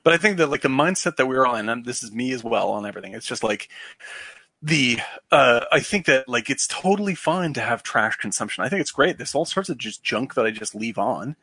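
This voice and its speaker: A man's voice: medium pitch, expressive, brisk, pushed and bright, husky, no echo, clean studio sound. Rambling, profane man in casual chat. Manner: rambling, profane, many fillers and restarts.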